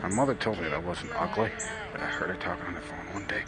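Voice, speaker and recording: A man delivering a mournful, halting comedy monologue as a radio host. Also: deep voice, expressive.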